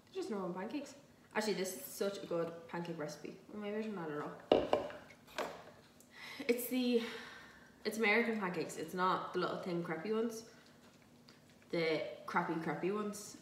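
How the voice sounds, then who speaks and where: A woman's voice: mid-range voice, normal speed, long pauses, far from the mic, slight background noise. A young woman with a light Dublin Irish accent talks casually and rambles while she cooks, swearing freely and poking fun at herself. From Ireland, Dublin. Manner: chatty, rambling, self-mocking, swears freely. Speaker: vlogger. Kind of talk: casual chatty vlog while cooking. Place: home kitchen, indoors. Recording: echoey kitchen, voice a little off-mic.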